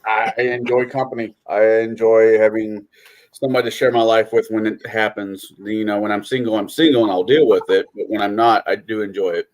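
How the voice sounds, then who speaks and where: Earnest man with a lowish voice. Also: steady tone, brisk. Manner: earnest, hesitant. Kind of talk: casual group chat on a stream.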